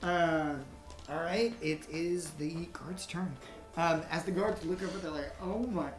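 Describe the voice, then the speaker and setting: A woman's voice: low voice, fairly even intonation, a little slow, roomy sound, faint music behind. A woman narrating a tabletop game as game master, rambling and laughing through her restarts.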